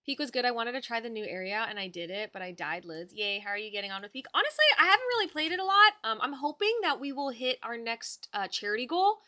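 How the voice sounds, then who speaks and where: A woman streamer talks casually with her chat from home, chatty and affectionate as she fusses over her dog. Her voice is bright and clear, pitched a little high. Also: big pitch swings, fast talker, hardly any pauses. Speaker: livestreamer.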